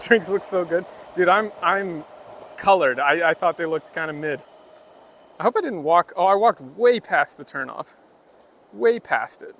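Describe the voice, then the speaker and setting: A man's voice: high-pitched, a bit bright, a little hiss or hum. A man livestreaming while walking outdoors, chatting loosely with his viewers and demonstrating phrases. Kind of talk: casual livestream chat while walking, answering chat. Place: outdoors, rural path near woods.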